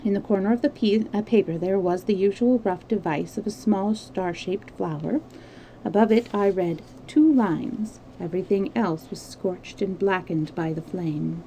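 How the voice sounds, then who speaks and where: A woman's voice: medium pitch, moderate pace, slight background noise, lightly acted, rough recording. Woman reading as a strained young noblewoman. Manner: even, mechanical tone. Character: strained young noblewoman, proud but frightened.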